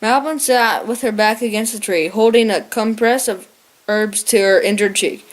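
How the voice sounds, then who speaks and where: Woman reading a storybook aloud, bit of a high voice, trips over words now and then. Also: normal speed. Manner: plain reading with slips and restarts. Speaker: audiobook narrator.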